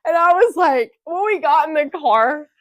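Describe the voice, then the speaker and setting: A woman's voice: high-pitched, normal speed, slight background noise. A young woman co-hosting a podcast, telling a story in casual chat, cursing freely and acting out what others said. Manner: profane, animated storyteller acting out quotes. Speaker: podcast co-host.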